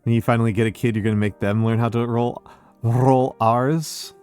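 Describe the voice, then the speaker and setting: A man in mid pitch chats casually on a live stream, reading out his viewers' messages and greeting them one by one. He repeats short phrases again and again. Faint music plays behind him. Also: little pitch movement, moderate pace, darkish tone, smooth. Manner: reads out viewer messages and greets each viewer by name. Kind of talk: casual chat with a live audience.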